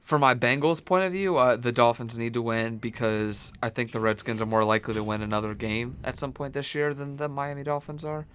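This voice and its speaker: A man co-hosting a casual sports podcast who tells rambling, animated stories. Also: mid-range voice, brisk, few pauses, slight background noise. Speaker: podcast co-host.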